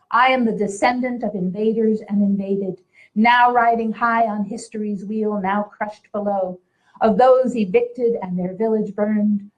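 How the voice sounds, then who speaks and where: A woman from Puerto Rico, a poet, reading her own poem aloud in a measured, rhythmic declamation. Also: mid-range voice, a little mellow, low-quality recording. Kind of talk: poetry reading.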